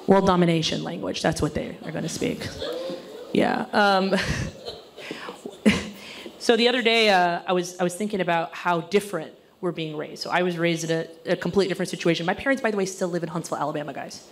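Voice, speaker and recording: A woman in her thirties performing a stand-up comedy set on stage, acting out other people's voices in quick bursts. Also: on the low side. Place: stage before a laughing audience.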